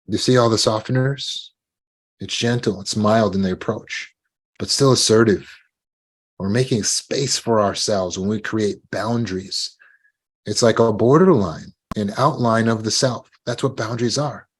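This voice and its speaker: A man giving a talk on trauma recovery, calm and gentle, now and then acting out short sample dialogues. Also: fairly low pitch, normal speed. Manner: gentle, acts out sample dialogues with lively shifts. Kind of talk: instructional talk.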